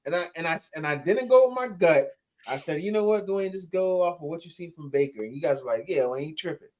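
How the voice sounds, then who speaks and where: A man's voice: on the high side, quick pace. A man co-hosting a sports podcast, arguing football picks in a loose, swearing, laughing way. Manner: animated, swearing, laughs a lot. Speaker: podcast co-host. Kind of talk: casual sports debate.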